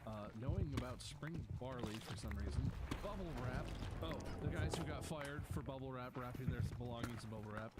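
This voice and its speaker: A man's voice: mid-range voice, brisk, hardly any pauses. A man hosting a casual gaming chat, reading out points with a playful, laughing manner. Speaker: host tallying points. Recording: loud background noise.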